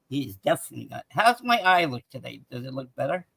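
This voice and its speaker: A man's voice: medium pitch, big pitch swings, fast talker, gravelly, few pauses, a bit bright, breathy edge, dry recording, low-quality recording. A man calling into a sports show, rambling and hesitant, with many fillers. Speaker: caller. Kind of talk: casual call-in chat.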